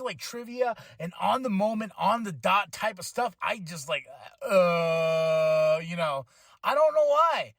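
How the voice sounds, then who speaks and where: An excitable man riffs on his own podcast, voice sitting high for a man. He rambles, trips over his words and restarts, then breaks into laughter or a shouted exclamation. The sound is dry and close, with no room around it. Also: no echo. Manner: excitable, rambling, quick restarts and self-corrections. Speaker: wrestling podcast host. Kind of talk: casual solo podcast chat.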